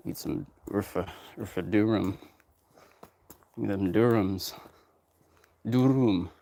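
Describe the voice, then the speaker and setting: Gravelly-voiced man rambling casually. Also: on the low side, takes it slowly, warm tone. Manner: loose, meandering, drifts between topics. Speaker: music producer and label owner. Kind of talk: rambling casual talk, heavy swearing.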